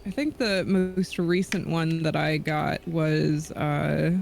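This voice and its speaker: A man's voice: fairly high pitch, steady tone, slow, creaky, slight background noise. A man appearing as a guest on a live stream, chatting easily and hesitating with fillers as he thinks. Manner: easygoing, hesitant, many ums and self-corrections. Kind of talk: casual live-stream chat.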